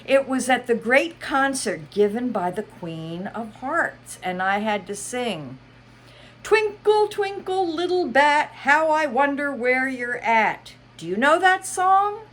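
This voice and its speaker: A woman reads as an eccentric, boastful hatter who slips into mournful asides, his voice pitched high and sing-song and swooping widely. He drags out his words and stretches them for effect. This is a storybook voice, playful and theatrical. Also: very animated, unhurried, few pauses, fairly bright tone, exaggerated voice. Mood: whimsical.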